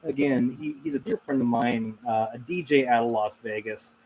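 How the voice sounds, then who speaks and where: A man hosts a casual paranormal live stream, reading chat messages aloud and answering them in a rambling way, full of fillers and frequent laughter. His mid-range voice is fairly even and darkish at a normal pace, and the poor audio carries a little hiss or hum.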